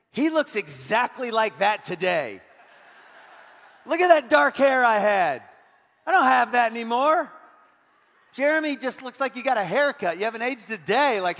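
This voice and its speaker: A middle-aged man preaching as a guest pastor, lively and joking, turning earnest. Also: high voice. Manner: energetic and joking, switching to earnest. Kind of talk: sermon. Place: large church hall. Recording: long hall reverb.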